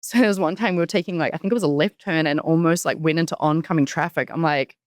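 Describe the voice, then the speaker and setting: A woman in her thirties from New Zealand with a partly Americanized New Zealand accent, chatting casually as an interview guest, animated and quick to laugh. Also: no echo, clean studio sound. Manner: animated, laughing, jumps high for quoted voices. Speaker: guest, professional wrestler.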